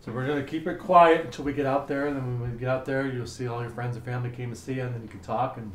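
A man's voice: medium pitch, fairly even intonation, fast talker, natural voice. A man playing a casual, upbeat doctor who talks his patient through each step. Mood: reassuring. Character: upbeat male surgeon, chatty and reassuring. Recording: echoey room with noise.

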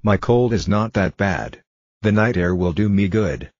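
Proud female flower, gentle and stubborn, read by a man with a low husky voice on a dull, dry recording. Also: expressive, measured pace, dry recording.

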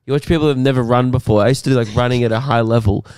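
A man's voice: medium pitch, fairly even intonation, racing, a crowd in the background. A man, co-hosting a comedy podcast in casual, joking chat. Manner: joking, mock teacher rants. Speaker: podcast co-host.

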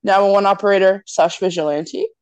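A woman's voice: mid-range voice, fairly even intonation, fairly quick, clear, resonant tone, dry recording, highs cut off. A woman co-hosting a podcast who drops dry, wry comments into the casual banter. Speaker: podcast co-host.

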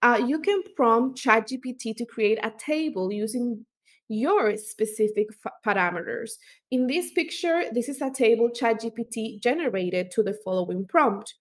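A woman's voice: a little high, lively intonation, normal speed. A woman teaching as an instructor, explaining step by step with fillers and small self-corrections. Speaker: language instructor.

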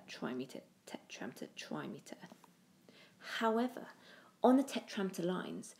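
Soft-toned woman teaching poetry. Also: fairly low pitch, gravelly. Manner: thoughtful, with fillers and restarts, trailing off quietly. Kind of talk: poetry analysis lesson.

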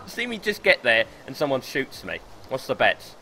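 A young man streaming gameplay live, excitable and swearing as he talks himself through the match. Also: medium pitch, normal speed. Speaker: gaming streamer.

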